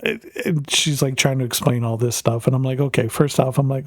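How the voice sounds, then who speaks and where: A man's voice: mid-range voice, brisk, vocal fry, hardly any pauses, no echo, clean studio sound. A middle-aged Canadian man, a streamer, telling a rambling family story with lots of fillers while gaming.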